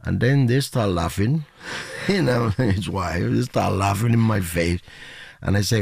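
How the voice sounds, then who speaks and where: A man in his seventies, a guest musician, telling stories in halting non-native English with many restarts and frequent laughter. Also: low-pitched, vocal fry, slightly rough, dry recording, clean studio sound. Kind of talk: animated interview chat.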